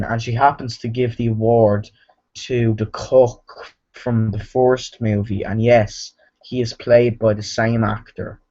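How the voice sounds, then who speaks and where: A man rambles casually through a movie review in a middle-pitched voice, stumbling over restarts and leaning on filler words. The recording sounds somewhat dull and lo-fi. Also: level tone, unhurried, mellow.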